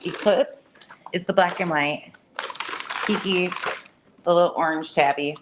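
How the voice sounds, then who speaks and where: A woman with a low voice talks casually to the camera from her home, blunt and chatty, cursing freely. A faint hiss sits under the recording. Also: steady tone, a little slow. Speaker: cat owner vlogger. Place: home, indoors.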